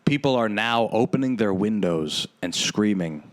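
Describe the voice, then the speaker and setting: A man's voice: lowish voice, expressive, moderate pace. A young man hosting a podcast, telling a rambling, profane story in casual chat with lots of fillers. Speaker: podcast host.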